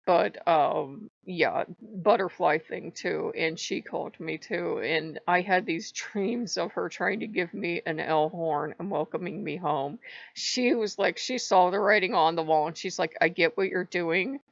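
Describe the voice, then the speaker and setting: A woman's voice: on the low side, unhurried, gravelly, dry recording. A woman in a personal spiritual vlog who rambles emotionally and laughs often. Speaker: spiritual vlogger. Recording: dull lo-fi, dry.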